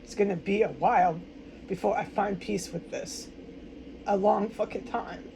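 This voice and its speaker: A woman's voice: medium pitch, fairly even intonation, normal speed, vocal fry, warm tone, slight background noise, poor audio. An American woman in a distraught, rambling personal monologue, stumbling over words and swearing often. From United States. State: upset and distraught. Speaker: vlogger.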